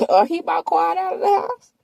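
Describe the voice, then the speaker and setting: Husky lady from dishing on a reality show, mellow dry sound. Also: very high-pitched, big pitch swings, normal speed, no echo. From Mississippi, USA. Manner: chatty, gossipy, talks straight to viewers. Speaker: host. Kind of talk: casual reality-TV recap commentary.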